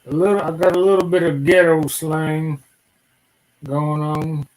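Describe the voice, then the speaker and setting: A man's voice: on the high side, level tone, unhurried, a little mellow, poor audio. Joking man with a drawl. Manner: joking, folksy talk. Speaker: livestream host. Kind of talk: casual chat.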